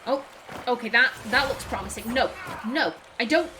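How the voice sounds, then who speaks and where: A woman's voice: fairly high pitch, normal speed, sharp tone, slight background noise. A woman giving casual, chatty gameplay commentary as a let's play host, politely apologizing to game characters.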